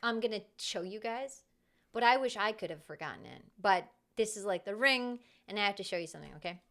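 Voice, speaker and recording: A woman streamer telling a story in casual chat, in an animated, chatty way. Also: mid-range voice, fairly quick, vocal fry.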